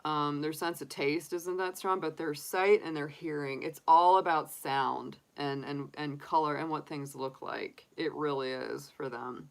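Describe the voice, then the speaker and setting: Chatty woman with a low voice. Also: fairly even intonation, unhurried, creaky, few pauses. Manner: chatty, rambling, many fillers. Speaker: tarot reader. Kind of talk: casual livestream tarot reading.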